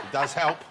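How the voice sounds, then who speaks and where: A man hosting a talk show, teasing his guests in casual chat. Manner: teasing, jokey. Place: TV studio with audience. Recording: loud studio audience and noise.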